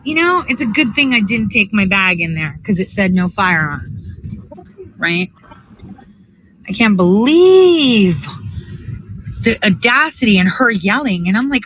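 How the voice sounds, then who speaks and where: A woman's voice: medium pitch, very animated, unhurried, long pauses, fairly bright tone, rough recording. A woman talking casually to her viewers while out getting coffee, blunt, emphatic and often swearing. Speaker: political organizer vlogger. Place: out and about heading to a coffee drive-thru.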